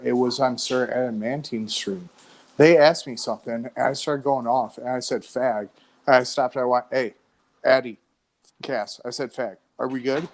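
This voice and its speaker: A man's voice: medium pitch, darkish tone. A man in casual online chat, bluntly telling a crude story.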